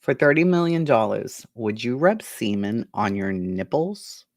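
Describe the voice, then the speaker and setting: Lively, incredulous woman reacting with profanity. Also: extremely low pitch, unhurried, no echo, studio quality. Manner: incredulous, profane, laughs between lines. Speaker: commentary host. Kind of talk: reading court testimony aloud and reacting.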